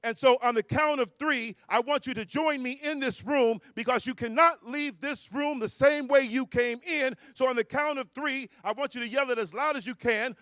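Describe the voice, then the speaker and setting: Man with a high, bright voice firing up a conference crowd, slangy, call-and-response energy. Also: moderate pace, few pauses, no room sound, clean studio sound. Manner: energetic, hyping up the crowd, counting off and shouting; slangy and playful. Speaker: motivational speaker at a youth conference. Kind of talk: motivational speech with call-and-response. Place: hotel ballroom at a live event.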